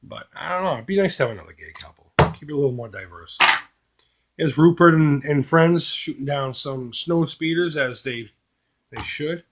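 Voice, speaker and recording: A man casually showing off a box of collectibles, joking crudely and doing quick mocking voices for the pictures. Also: a little high, lively intonation, noisy background. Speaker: retro collecting YouTuber. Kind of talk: casual unboxing commentary.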